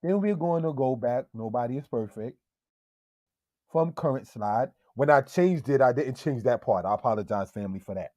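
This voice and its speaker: A man teaching Hebrew in a slow, deliberate lesson style, often checking in with "all right?" and calling his viewers family. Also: mid-range voice, expressive, a little mellow, no room sound, clean studio sound. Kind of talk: slow screen-share language lesson.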